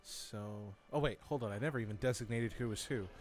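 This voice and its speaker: A man's voice: lowish voice, fairly quick, a little mellow. A man narrating as dungeon master of a tabletop game, laid-back, thinking aloud and chuckling.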